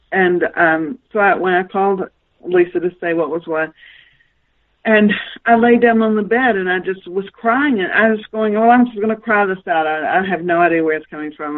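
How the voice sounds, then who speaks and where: Woman telling stories over a tinny phone line. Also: medium pitch. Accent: Southern American. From Southern United States. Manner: rambling, animated storytelling with laughs. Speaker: guest author. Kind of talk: storytelling in a phone interview.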